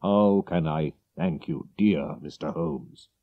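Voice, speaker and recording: A man voicing an excitable, grateful king. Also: a bass voice, slow pace, dry recording, narrow, tinny audio, voice pushed down. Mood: exclaiming. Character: excitable, grateful middle-aged male king.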